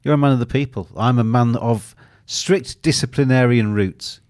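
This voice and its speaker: A man's voice: medium pitch, moderate pace, a little mellow, dry recording. Man, betting show host, jokey live commentary, dry close-miked sound. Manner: jokey, teasing, reads viewer comments aloud. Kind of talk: live match commentary and banter.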